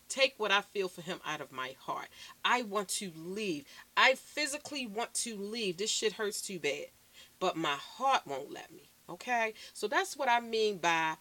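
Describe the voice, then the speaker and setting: Young woman vlogging on her phone, bright sharp voice, cussing, blunt and emphatic. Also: medium pitch. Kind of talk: unscripted rant to camera.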